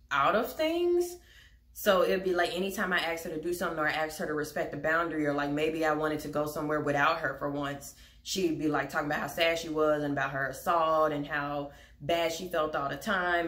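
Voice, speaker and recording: A woman's voice: low-pitched, a bit bright. A young adult woman telling a personal story in a candid, rambling vlog. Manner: candid, rambling, talks to her dogs between thoughts. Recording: echoey room.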